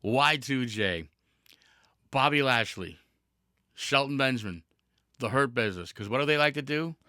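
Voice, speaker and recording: A man's voice: medium pitch, animated, normal speed, sharp tone, smooth, no echo, clean studio sound. A man hosting a casual podcast, telling a story with energy, with laughs and restarts along the way. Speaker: podcast host.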